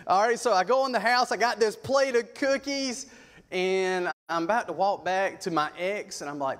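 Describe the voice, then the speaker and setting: A middle-aged man, a youth pastor telling folksy, animated stories in a sermon. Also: sits high, normal speed. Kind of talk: sermon storytelling. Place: church sanctuary. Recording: long church reverb.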